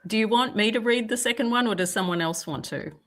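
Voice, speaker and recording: A woman's voice: a little high, expressive, fast. A woman literary agent chatting and reading a manuscript aloud in a live video Q&A. She is chatty and pokes fun at herself. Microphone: video call.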